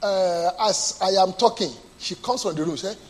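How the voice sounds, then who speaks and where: A man preaches with a raised, high voice that has a husky edge. He draws answers from his listeners and swings from quiet, low storytelling to sudden loud cries. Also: normal speed. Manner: call-and-response preaching, asks the congregation to answer; drops to a low soft storytelling voice, then bursts out loud. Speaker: pastor. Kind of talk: sermon.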